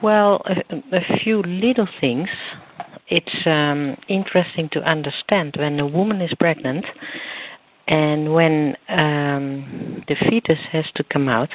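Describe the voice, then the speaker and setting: Over a tinny phone line, a man interviewed as a guest expert explains at length, searching for words and often restarting. His voice is on the high side and he takes it slowly.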